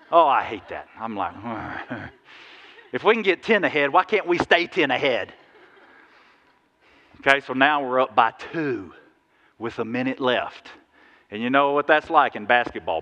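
A man preaching a sermon, telling stories in a lively, animated way with sudden loud bursts. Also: mid-range voice. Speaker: pastor. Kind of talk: sermon with storytelling. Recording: dull sound in a big reverberant hall.

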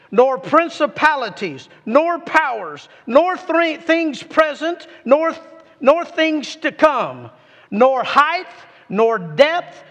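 A man preaching a sermon, reading scripture with emphatic, drawn-out stresses and calling on his congregation to repeat after him. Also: very high-pitched, fairly bright tone. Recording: long reverb of a large hall.

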